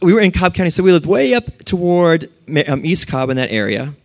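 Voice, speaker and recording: A man delivering a lively sermon in a slightly higher voice than most men. He reads scripture passages aloud, then breaks into animated asides, acting out the voices of the people he quotes. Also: brisk, vocal fry. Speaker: preacher.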